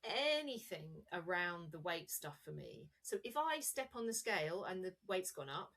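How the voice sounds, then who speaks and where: With a fairly low, slightly bright voice and very animated delivery, a woman coach talks at normal speed in a podcast interview where she's the guest. Her explanations ramble and self-correct, and she shows rather than just tells.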